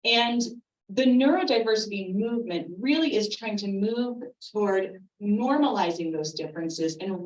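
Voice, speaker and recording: A woman giving a friendly, chatty talk to a room of parents, with frequent filler ums. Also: medium pitch. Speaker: speaker at a parent presentation. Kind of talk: informal lecture. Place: meeting room with a live audience. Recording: echoey room, voice from far off.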